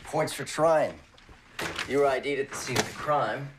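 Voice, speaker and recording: An actor playing a dry, sarcastic police detective leaning on an informant. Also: male voice, medium pitch, moderate pace, background noise, natural voice. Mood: sardonic.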